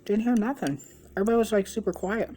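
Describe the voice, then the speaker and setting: A woman's voice: mid-range voice, quick pace, mellow, slight background noise. A middle-aged woman vlogger telling a rambling, gossipy story in a casual way, swearing freely. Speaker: mukbang vlogger.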